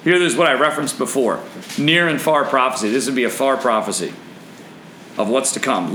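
A man preaching and teaching from the Bible, asking the audience questions, his voice swinging from low and grave to high and excited. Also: moderate pace, roomy sound, slight background noise, poor audio.

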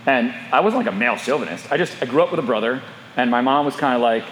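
A man's voice: mid-range voice, fast, a little hiss or hum. A middle-aged man preaching a sermon, often asking the listeners questions. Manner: animated, asks the audience questions. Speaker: pastor. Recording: echoey hall with long reverb.

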